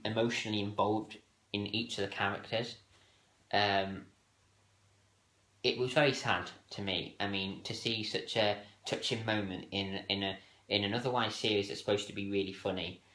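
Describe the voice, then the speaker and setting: A man's voice: lowish voice, bright, forceful tone. A man hosting a casual countdown video, talking hesitantly with many fillers and restarts. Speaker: video host ranking TV moments. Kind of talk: casual solo countdown talk. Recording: echoey room.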